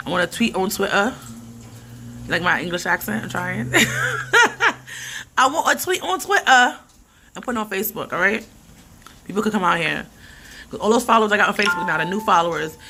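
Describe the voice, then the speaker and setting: A woman, chatting and ranting animatedly in a casual vlog. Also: mid-range voice. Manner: animated, ranting, laughs often. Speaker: vlogger. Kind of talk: casual rambling vlog chat.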